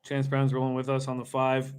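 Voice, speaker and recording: A man's voice: mid-range voice, completely flat delivery, a little fast, smooth. A man streaming live horse race betting, talking to his chat and muttering curses when his horse fails. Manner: frustrated, swearing, muttering to himself.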